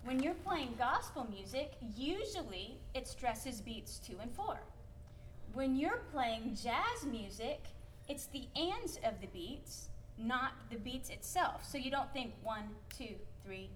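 A woman's voice: high-pitched, very animated, slow pace, recorded from a distance, a little hiss or hum. A woman from Minnesota with a Minnesotan accent, giving a chatty piano lesson with playful emphasis and laughing asides. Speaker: piano teacher. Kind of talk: workshop lesson on piano playing.

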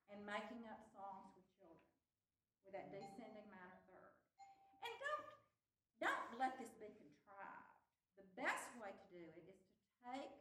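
An older woman, leading a children's music workshop in a chatty, animated way and asking the group to join in. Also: mid-range voice. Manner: chatty, animated, laughs often, asks the group to repeat. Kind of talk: teaching talk to a live group. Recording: echoey hall, mic from far off.

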